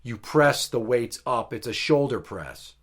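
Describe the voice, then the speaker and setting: A man's voice: mid-range voice, a little slow, slightly rough. A man co-hosting a podcast, telling a story in casual chat with lots of swearing. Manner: profane, animated storyteller. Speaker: podcast co-host.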